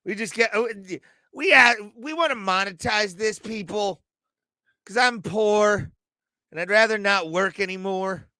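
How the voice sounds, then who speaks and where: A man's voice: high voice, measured pace, sharp tone, dry recording. A man co-hosting a podcast in casual chat, joking and laughing as he reads viewer chat aloud. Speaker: podcast co-host.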